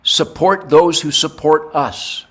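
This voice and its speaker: Brash, bright-voiced older man ranting. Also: slow pace. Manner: brash, ranting, crude jokes, swings from low mutters to loud shouts. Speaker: podcast host. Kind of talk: rambling podcast monologue.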